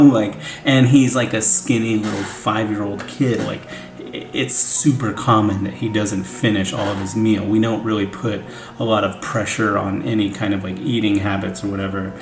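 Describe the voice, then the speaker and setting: A man's voice: lowish voice, steady tone, normal speed. A young man, a father, telling a family story in a casual, rambling way, full of "like" and "you know". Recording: echoey room, faint music.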